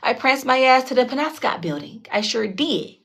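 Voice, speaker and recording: This woman's voice is high-pitched and a bit rough, moving at a moderate pace. As a tarot channel host, she recounts a personal story in a blunt, casual, very profane monologue, animatedly playing the other people involved and frequently checking in with her audience.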